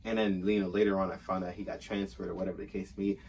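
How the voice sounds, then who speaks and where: Low-voiced man, casual animated storyteller, slightly distant mic with faint hiss. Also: fast. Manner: animated, acts out quotes in raised voice.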